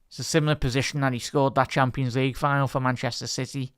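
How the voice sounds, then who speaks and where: A man's voice: medium pitch, little pitch movement, a little fast, smooth, no echo, studio quality. A man doing live football commentary on a stream, chatting with his viewers between bursts of play-by-play that lift on attacks. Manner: rises and speeds up on attacking moves. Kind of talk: casual live match commentary.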